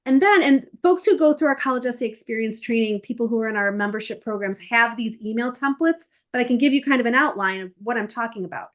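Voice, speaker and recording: Middle-aged woman, essay coach, lively interview guest who acts out quotes; voice sits a little high. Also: fast, hardly any pauses. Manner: animated, acts out quoted emails and parents.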